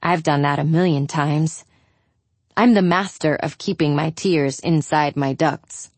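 A woman reading a novel aloud in the first person, telling the story at a measured pace. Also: sits low, no echo. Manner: slow, measured storytelling with lively intonation. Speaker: audiobook narrator.

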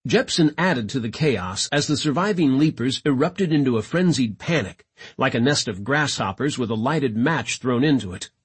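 A man reading a sci-fi audiobook in a dramatic, expressive narration. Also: medium pitch, normal speed, slightly rough. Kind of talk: scripted narration.

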